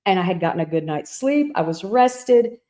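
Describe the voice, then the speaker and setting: A woman's voice: fairly low pitch, lively intonation, moderate pace, dark tone. A woman in her thirties, co-hosting a podcast, who tells personal stories in a candid, emotional way, with many fillers and restarts. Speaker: podcast co-host. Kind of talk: casual chat.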